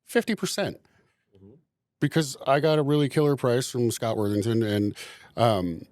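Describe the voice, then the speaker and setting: A man's voice: mid-range voice, normal speed, darkish tone, no echo, studio quality. A man guest on a casual podcast who explains store tactics in a chatty way, with lots of "like" and "um". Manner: chatty, many "like" and "um" fillers. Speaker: podcast guest, retail buyer.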